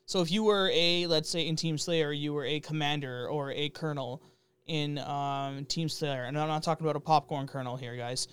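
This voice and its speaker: High, smooth-voiced man chatting about games. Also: fairly even intonation, normal speed, fairly bright tone. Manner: jokey, laughs often, rambling with many fillers. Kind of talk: casual gaming chat.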